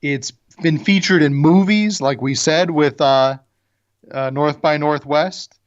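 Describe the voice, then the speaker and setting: A man's voice: a little high, slow pace. A man co-hosting a casual debate podcast, opinionated and often restarting his sentences. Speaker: podcast co-host. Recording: dull lo-fi audio.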